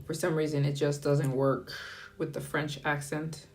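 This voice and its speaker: A woman chatting casually on a live stream, upbeat and playful with quick asides. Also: deep voice, level tone, darkish tone. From United States. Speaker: travel vlogger. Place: France.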